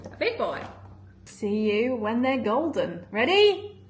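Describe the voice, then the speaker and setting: A woman's voice: a little high, big pitch swings, slow pace, echoey room. A woman vlogging casually while she cooks at home, chatty and full of "like", laughing often. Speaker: food vlogger. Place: home kitchen.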